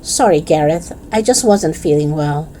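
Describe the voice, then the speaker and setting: A sniffly young schoolboy with a heavy cold speaks in a low, dark tone, tired and reluctant, as a woman reads his lines. It is a gentle storybook voice, close to the reader's own. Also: lively intonation, moderate pace, slight background noise.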